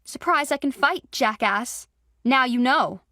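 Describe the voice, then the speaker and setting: A woman's voice: a little high, moderate pace, gravelly, no echo, clean studio sound. A woman voicing a young female shapeshifter, frightened but defiant, in an audio drama.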